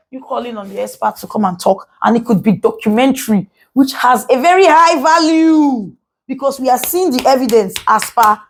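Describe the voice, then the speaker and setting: Animated Nigerian woman lawyer. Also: on the high side. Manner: animated, rhetorical questions, repeats phrases for emphasis. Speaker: lawyer and political commentator. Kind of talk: casual commentary vlog to followers.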